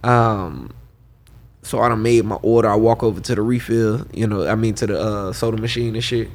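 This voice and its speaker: A man's voice: lowish voice, fairly even intonation, normal speed. A man co-hosting a casual podcast chat in a laid-back, slangy way, telling wry stories. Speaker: podcast co-host.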